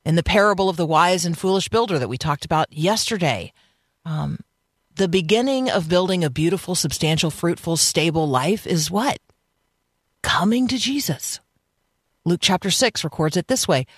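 An earnest radio host leads a devotional teaching, pressing listeners with rhetorical questions. The voice sits at a middling pitch and comes through a dry studio mic with no room echo. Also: lively intonation, moderate pace.

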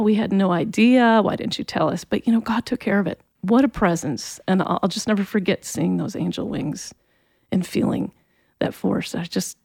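A woman's voice: medium pitch, gravelly, darkish tone, slightly rough, no room sound. Woman giving a heartfelt faith testimony. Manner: earnest, emotional, halting retelling. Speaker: interview guest.

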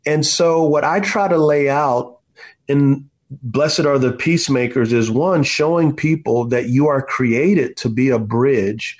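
A husky, slightly breathy man in his forties speaks as an interview guest. He tells his stories with a preacher's emphasis and leans on the word "man" again and again. His voice sits at an ordinary middle pitch. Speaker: author and guest. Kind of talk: impassioned storytelling in an interview.

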